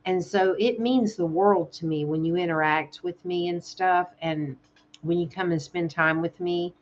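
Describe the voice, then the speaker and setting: A soft-spoken woman with a Southern American drawl chats easily with her viewers during a home live stream. She talks warmly and a little emotionally. The stream audio sounds slightly dull. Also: fairly low pitch, steady tone, a little slow, slight background noise. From Southern United States. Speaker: ASMR channel host. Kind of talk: casual live-stream chat. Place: home in Thailand.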